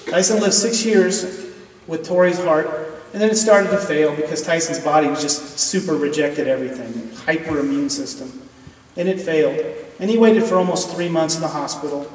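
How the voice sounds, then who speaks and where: A man's voice: on the high side, moderate pace. A middle-aged man giving an emotional, earnest speech in a university chapel, pleading with his audience. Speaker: university professor speaking in chapel. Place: large hall, recorded from afar. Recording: distant, echoey hall with long reverb.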